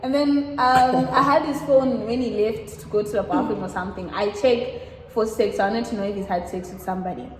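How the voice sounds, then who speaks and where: Woman, animated storyteller who laughs a lot, faint background noise behind her. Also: a little high, a little fast. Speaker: guest. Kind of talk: casual storytime chat. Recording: echoey room with long reverb and faint background noise.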